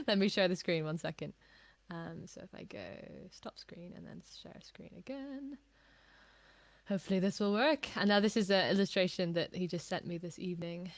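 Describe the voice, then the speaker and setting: A woman hosting a casual live stream in a relaxed, chatty way, picking up viewer comments as she goes. Her voice sits a little low and sounds dry and close, with no room around it. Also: brisk, dry recording. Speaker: host.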